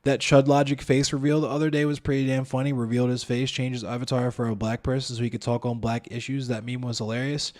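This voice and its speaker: A male streamer in a heated, argumentative monologue. He talks straight at his chat, swears freely and keeps firing rhetorical questions, at an ordinary middle pitch for a man. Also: little pitch movement, fast talker, hardly any pauses, a little mellow. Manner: profane, blunt, addresses chat and viewers directly. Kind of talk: heated live-stream commentary.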